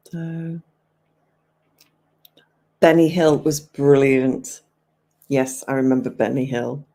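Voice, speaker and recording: A low, mellow English woman in her fifties chats easily on a livestream. She takes her time, answering viewers' comments aloud and laughing often as she goes. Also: breathy edge. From England. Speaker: livestream host. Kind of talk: casual chat with viewers.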